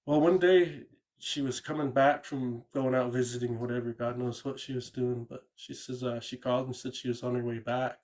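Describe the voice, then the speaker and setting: A man's voice: mid-range voice, steady tone, normal speed, darkish tone. A man calling in to tell a true ghost story in a rambling, casual way, often repeating words and saying "you know". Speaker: caller sharing a ghost story.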